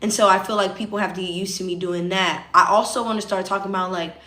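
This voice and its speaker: A woman's voice: medium pitch, steady tone, quick pace, sharp tone. A young woman from the States, chatting casually and rambling to her livestream viewers, talking straight to them. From Southern United States. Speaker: streamer. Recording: roomy echo.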